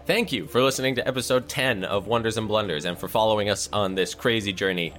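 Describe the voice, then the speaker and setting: Low-voiced guy dm-ing a tabletop game, chatty and jokey, faint music behind. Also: quick pace, fairly bright tone. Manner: loose, chatty, many fillers and jokes. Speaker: dungeon master and host.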